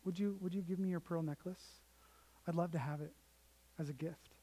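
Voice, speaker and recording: A man voicing a loving father who softly pleads with his little daughter. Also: on the high side, fairly even intonation, a little fast, close to an everyday voice, rough recording. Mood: pleading. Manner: soft, pleading, tender.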